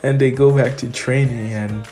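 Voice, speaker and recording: A woman's voice: a bass voice, steady tone, moderate pace, dark tone, soft background music. A woman casually retelling a fan-made what-if story, rambling with fillers and giggles.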